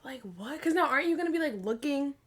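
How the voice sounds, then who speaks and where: A woman's voice: high voice, expressive, fast talker. Giggly woman hosting a casual chat. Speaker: podcast host.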